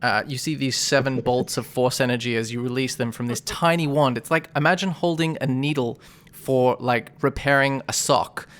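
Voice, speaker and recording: A man's voice: medium pitch, normal speed, fairly bright tone. A man running a tabletop game as game master, narrating combat in a casual, rambling way with many fillers.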